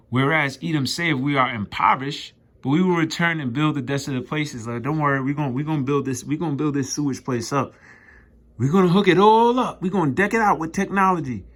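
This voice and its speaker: A man delivers an informal scripture lesson in a mid-pitched voice. He reads verses aloud, then riffs on them emphatically in rough slang and curses. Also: a bit bright. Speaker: street preacher.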